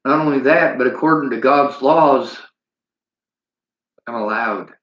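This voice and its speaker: A man's voice: medium pitch, a little slow. A man hosting a livestream, ranting bitterly in a preachy way and reading out chat comments. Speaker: livestream host. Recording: roomy, dull lo-fi sound.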